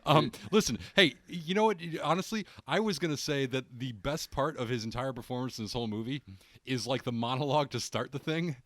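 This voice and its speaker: A man's voice: medium pitch, fairly quick, no room sound. A man co-hosting a movie podcast who makes dry joking asides. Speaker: podcast co-host. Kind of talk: casual chat.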